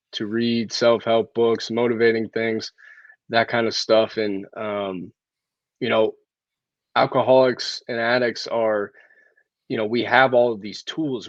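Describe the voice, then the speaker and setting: A man's voice: lowish voice, no room sound, muffled recording. A man as a guest in a casual interview, speaking earnestly and repeating words as he builds his point. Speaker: guest, sober living founder.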